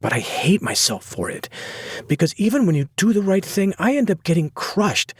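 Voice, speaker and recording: A heartbroken young woman pours out anger and love in a raised, husky voice, her words tight and near tears, as a male narrator puts her on. The storybook delivery is dry and close. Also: medium pitch, lively intonation, moderate pace, darkish tone, dry recording, pitched above the performer's own voice. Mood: pleading. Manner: impassioned, pleading, near tears. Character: young woman, hurt and furious lover. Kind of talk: audiobook character voice.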